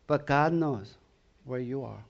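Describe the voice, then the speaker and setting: A man preaching a sermon in a slow, deliberate cadence, his fairly high voice roughened by a gravelly edge. He is emphatic and direct, and he often checks in with the congregation through rhetorical questions. The recording sounds dull and lo-fi. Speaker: pastor.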